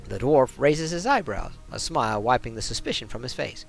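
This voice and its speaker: Gravelly man casually narrating a game. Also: mid-range voice, big pitch swings, fairly quick, hardly any pauses, faint music behind. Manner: laughs often, self-deprecating asides. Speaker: streamer.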